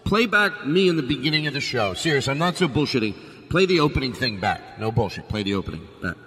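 A man's voice: medium pitch, animated, quick pace, a bit bright, husky, dry recording, clean studio sound. A man hosting a comedy podcast, bantering playfully and laughing often. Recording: music from a live band. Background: live band playing.

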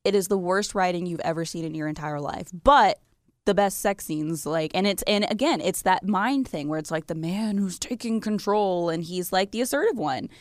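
A woman co-hosting a radio talk show, blunt and opinionated with quick quips. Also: on the low side, no echo, studio quality. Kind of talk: casual on-air chat.

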